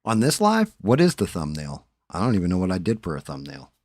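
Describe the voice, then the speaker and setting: A man's voice: low-pitched, huge pitch swings, fairly quick, darkish tone, breathy edge, no room sound, clean studio sound. A man hosting a live stream, telling stories casually and swearing freely. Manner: laid-back storytelling with swearing.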